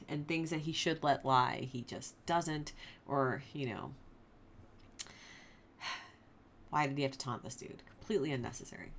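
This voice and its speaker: A woman with a deep, slightly bright voice hosts a Bible study, reading passages aloud and commenting on them. Her manner is chatty and informal, with lots of "like" and other fillers.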